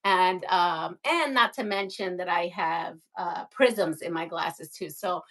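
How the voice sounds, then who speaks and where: A woman's voice: on the low side, slow pace, a bit bright. A woman from Brooklyn hosting a casual live stream, chatting, reading viewer comments aloud and laughing often. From Brooklyn, New York.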